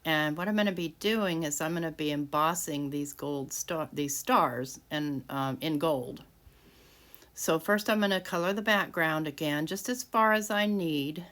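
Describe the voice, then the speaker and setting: At a measured pace, a woman with a low, slightly bright voice gives a casual crafting tutorial at home. She narrates every step of making a handmade card in her craft room, with frequent restarts.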